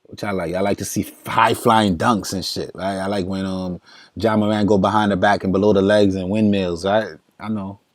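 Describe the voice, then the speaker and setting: A man's voice: low-pitched, little pitch movement, normal speed, no echo, clean studio sound. A man, casually streaming while building fantasy basketball lineups, thinking aloud in loose slang and chatting with viewers. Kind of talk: casual livestream chat.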